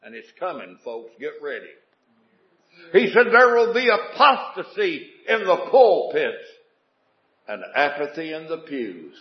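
A man's voice: a little high, big pitch swings, a little slow, echoey room, lo-fi sound. A man preaching a revival sermon in a folksy way, asking the congregation questions and telling homespun jokes.

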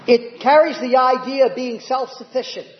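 A man's voice: extremely high pitch, fairly even intonation, normal speed. A male pastor preaching a sermon, often asking the congregation "Amen?". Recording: roomy, dull church recording.

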